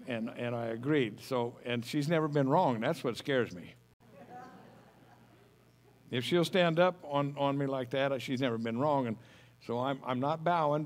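A middle-aged man preaching a sermon as pastor, folksy and homespun, telling stories with humor. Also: medium pitch.

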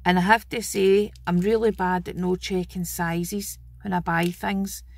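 Scottish lady showing off her craft haul, chatty and homely, bit gravelly and husky. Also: fairly low pitch, fairly even intonation, unhurried, no echo. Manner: chatty and homely, fond of 'wee'. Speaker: craft channel host. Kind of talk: casual show-and-tell haul video.

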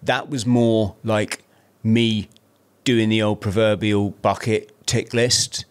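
A man in his fifties from South-East London with an English accent, a podcast guest telling his story in a rambling, animated way with lots of restarts and swearing. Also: fairly low pitch, takes it slowly, smooth. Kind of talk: casual storytelling.

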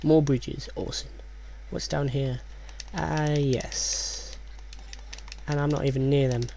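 Man, let's play commentator, gravelly, kept quiet, faint hiss behind. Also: steady tone, takes it slowly. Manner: hushed, keeps voice low; rambling, reads game text aloud.

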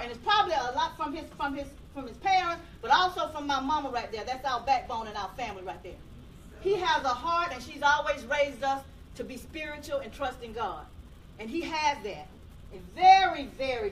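A woman's voice: high voice, fairly bright tone, slight background noise. A woman gives a folksy, emotional tribute to a relative and reads a passage aloud. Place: library event room. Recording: voice from a distance.

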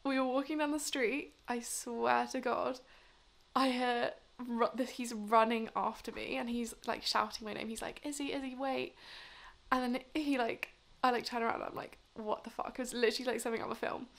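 A woman's voice: a little high, level tone, a little fast, vocal fry. A woman in her twenties chatting casually to camera in a rambling, chatty way. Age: 20s. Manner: rambling, lots of fillers. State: drunk and tired late at night. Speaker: vlogger.

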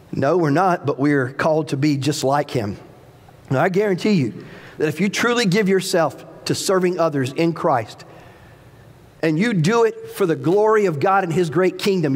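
A man's voice: high-pitched, in a large hall. A man pastor preaching a sermon in a church, with emphatic delivery and folksy asides. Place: church sanctuary.

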